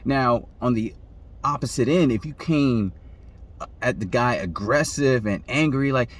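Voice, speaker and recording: Taking his time, a man delivers casual relationship advice as a monologue. He regularly checks in with "right?" and impersonates the people he quotes, his pitch jumping suddenly.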